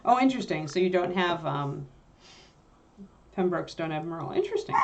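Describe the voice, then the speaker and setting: A woman's voice: lowish voice, lively intonation, moderate pace, pauses often, lo-fi sound, background noise. A woman hosting a casual livestream, chatty and easygoing, who breaks off now and then to talk to her dog. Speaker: livestream host.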